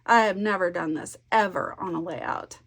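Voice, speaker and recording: A woman chatting casually to camera as she works on a scrapbook layout, telling stories in a friendly, rambling way with quiet asides. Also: fairly low pitch, moderate pace. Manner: chatty, warm storytelling with soft asides. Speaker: scrapbooking vlogger. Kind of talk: casual chat while crafting.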